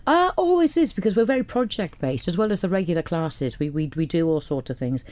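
A woman guest on a radio programme who tells stories in a lively, rambling way. Her voice sits a little on the low side. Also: a little fast, dry recording. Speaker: radio guest, youth arts head. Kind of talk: radio interview.

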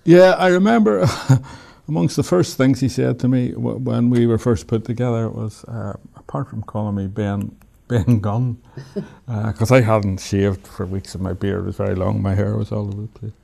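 In an interview, a man from Ireland who is an author looks back on his life, his voice lowish, gravelly and mellow. A wry, thoughtful tone runs through it, laughter frequently creeps in, and he keeps a relaxed, unhurried pace as if recalling things on the spot.

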